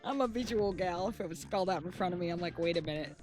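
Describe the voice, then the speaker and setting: A woman's voice: fairly low pitch, fast. A woman co-hosting a stream in casual chat, rambling and laughing often. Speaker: streamer co-host.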